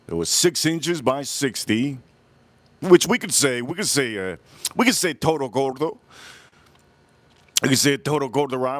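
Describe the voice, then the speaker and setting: A man in the middle of his pitch range hosts a live cigar review outdoors, his voice still groggy from just waking up. He talks in a relaxed, loose way, repeats phrases and greets viewers in the chat. The sound is dry and close. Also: dry recording. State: groggy morning voice, just woke up. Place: outdoors, windy.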